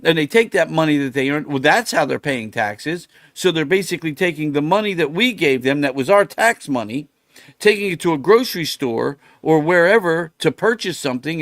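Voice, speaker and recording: A man's voice: on the high side, a bit bright, no echo, studio quality. A middle-aged man hosting a podcast, ranting bluntly and profanely in a casual way, repeating himself as he goes. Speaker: podcast host. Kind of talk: casual political rant.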